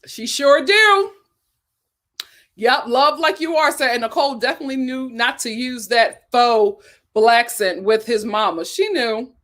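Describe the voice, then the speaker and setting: A woman's voice: a little high, measured pace, a bit bright. A young woman hosting a casual live stream, chatting animatedly, reading viewer comments aloud and laughing often. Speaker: live-stream host reviewing a reality show.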